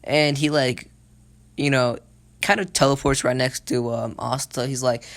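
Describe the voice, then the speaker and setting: A man casually recapping an anime storyline on his own channel, full of fillers and loose swearing. His voice sits at an average pitch with a gravelly rasp. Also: steady tone, a little slow, fairly bright tone. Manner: rambling, lots of fillers and swearing. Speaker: channel host. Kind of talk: casual anime plot retelling.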